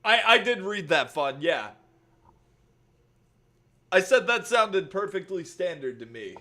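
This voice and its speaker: Young male streamer, very high bright voice, slow lively delivery, profane and excitable. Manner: profane, excitable, laughs often. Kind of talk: casual gaming stream chat.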